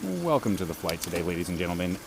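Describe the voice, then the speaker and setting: A man voicing a male airline pilot making a formal cabin announcement, low and soft. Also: sing-song, quick pace, vocal fry, a little hiss or hum, heavily acted. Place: outdoors on a bike in a city.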